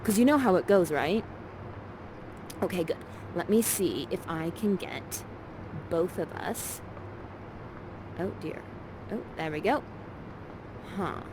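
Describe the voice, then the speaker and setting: A woman's voice: fairly low pitch, animated, takes it slowly, pauses often, background noise. A woman actor guiding a partner through an interactive theater scene in a chatty, playful, encouraging way, from a room with the door open. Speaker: actor and guide of a live virtual theater session. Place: ground-floor rental with door open, in summer heat.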